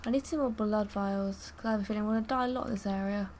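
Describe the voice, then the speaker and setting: A woman's voice: mid-range voice, fairly even intonation, quick pace, few pauses, a little mellow, a little hiss or hum. A young woman giving gameplay commentary as she plays, swearing and bursting out in frustration. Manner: swearing, frustrated outbursts and screams. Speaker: gaming video creator.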